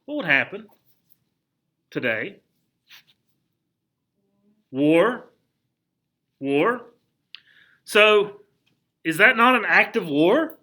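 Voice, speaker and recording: A male history teacher lectures his class in a lively, conversational way and keeps firing rhetorical questions at the students. His voice sits fairly high and sounds bright and forceful. He restarts his sentences often as he talks. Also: slow, long pauses.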